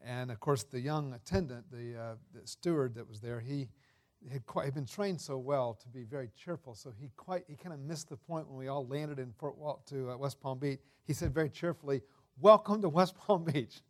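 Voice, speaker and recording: A man in his sixties giving a sermon full of personal stories, folksy and unhurried with fillers and restarts. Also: medium pitch, a little mellow. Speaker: guest preacher.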